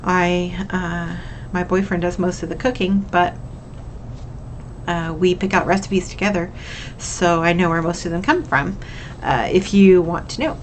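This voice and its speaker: A woman's voice: on the low side, fairly even intonation, unhurried, slight background noise, rough recording. A young woman, talking candidly and upbeat to her camera in a casual vlog, sometimes getting emotional. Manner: candid, upbeat, emotional at times, says "y'all". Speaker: vlogger.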